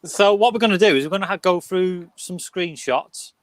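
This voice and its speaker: A man's voice: high-pitched, moderate pace, no echo. A young man with a Liverpool accent hosting a casual film discussion, full of jokey, teasing banter. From England. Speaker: host.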